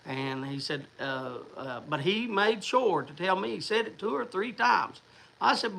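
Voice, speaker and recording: A man's voice: high voice, lively intonation, unhurried, creaky, bright, forceful tone, poor audio. A man hosting a livestream, talking to viewers in a rambling, chatty way. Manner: rambling, chatty, restarts and fillers. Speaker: livestream host. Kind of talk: casual livestream chat.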